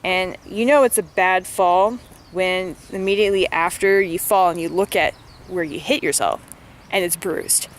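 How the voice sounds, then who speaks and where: A woman's voice: fairly low pitch, normal speed. A woman vlogging in a casual chat, talking in a chatty, filler-heavy way and venting her frustration.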